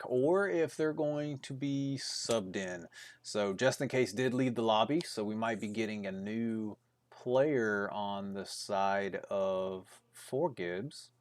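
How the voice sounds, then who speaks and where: A young man doing solo esports commentary as a tournament caster, chatty and rambling, with quick bursts, frequent fillers and chuckles. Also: on the low side, smooth.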